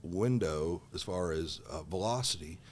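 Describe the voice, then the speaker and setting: A man's voice: low voice, animated, unhurried, a little hiss or hum. Heated, profane middle-aged man. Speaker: podcast guest. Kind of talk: casual storytelling.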